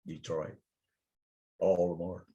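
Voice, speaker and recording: A man's voice: deep voice, takes it slowly, breathy edge, lo-fi sound. An older man, a guest minister, telling rambling stories in a casual spiritual chat. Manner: rambling, animated storytelling with put-on quoted voices.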